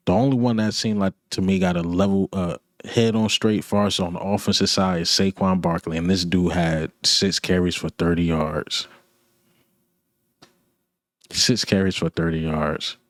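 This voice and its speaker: A man's voice: deep voice, dry recording, studio quality. A man ranting about his football team, blunt, frustrated and repetitive, in casual sports talk. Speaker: sports commentator.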